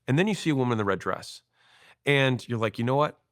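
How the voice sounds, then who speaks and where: A man in his thirties, a podcast guest, telling stories and acting out quoted lines in an animated way. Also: medium pitch, fast, no echo, clean studio sound. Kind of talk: storytelling interview talk.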